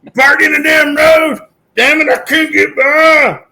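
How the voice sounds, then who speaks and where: A man putting on the voice of a brash, angry New Yorker, yelling in a high, strained tone. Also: level tone, unhurried, vocal fry, exaggerated voice. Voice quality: loud, yelling.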